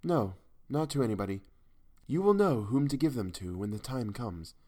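A man voicing a timid, sorrowful young woman who speaks in a low, hushed voice. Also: animated, moderate pace, close to an everyday voice. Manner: timid and hesitant.

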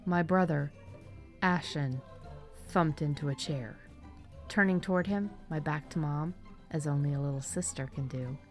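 A woman narrating a short spooky story in a measured, expressive way. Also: low-pitched, faint music behind. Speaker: story reader. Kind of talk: scripted narration.

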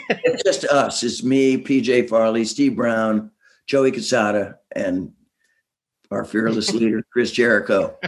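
A man's voice: fairly low pitch, fairly even intonation, measured pace. Rambling, chuckling man telling stories. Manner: rambling, chuckling, many restarts. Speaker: guest musician. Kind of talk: casual interview storytelling.

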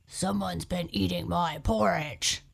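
A woman voicing a big daddy bear in a storybook reading, loud and growling. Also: lowish voice, steady tone, slow pace, vocal fry, husky, heavily acted. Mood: gruff.

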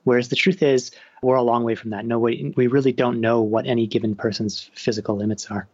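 A man's voice: medium pitch, fairly even intonation, a little fast, darkish tone, breathy edge, no room sound. A man with a Canadian accent, an author talking casually in an interview, often restarting his sentences. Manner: chatty, self-interrupting with restarts. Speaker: author guest. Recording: dull dry sound.

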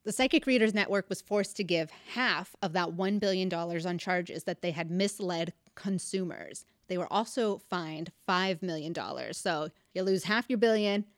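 A woman's voice: lowish voice, normal speed, hardly any pauses, no room sound, studio quality. A young woman co-hosting a podcast in casual chat, telling a story with asides and laughs. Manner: chatty storytelling, reads out facts with asides and laughs. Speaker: podcast co-host.

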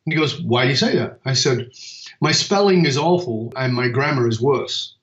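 A man's voice: medium pitch, moderate pace. A middle-aged man, a speaker and author, talking as a guest on an interview show and telling stories with acted-out dialogue. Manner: animated storyteller, acts out dialogue. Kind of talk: storytelling interview talk. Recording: roomy, dull remote audio.

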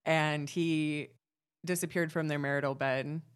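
A woman's voice: sits low, steady tone, a little slow, clear, resonant tone. A woman co-hosting a true-crime chat, reading old articles aloud with dry, sarcastic asides. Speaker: podcast co-host.

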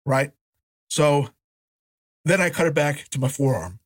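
A man co-hosting a podcast, telling a story in a lively, animated way, acting out voices and laughing as he goes. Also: fairly high pitch, a little slow. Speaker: podcast co-host. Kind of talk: casual storytelling chat.

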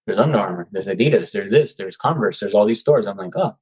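A man's voice: fairly low pitch, lively intonation, fast, darkish tone, husky, poor audio. A man who is a guest coach on an interview show, speaking in casual chat and acting out his own quoted reactions. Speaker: guest, seller turned coach.

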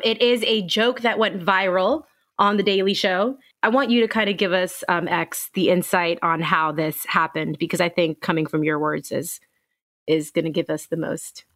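A woman hosting a podcast interview, talking in an enthusiastic, casual way with quick bursts of speech. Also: on the low side, a bit bright, no echo. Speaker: podcast host.

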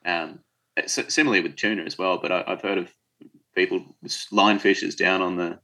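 Aussie spearo guy, really deep voice but bright and forceful, stops and restarts a lot. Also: fairly even intonation, normal speed, vocal fry, rough recording. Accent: Australian. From Tasmania, Australia. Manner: hesitant, with many fillers and restarts. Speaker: interview guest, spearfisher. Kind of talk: casual interview chat.

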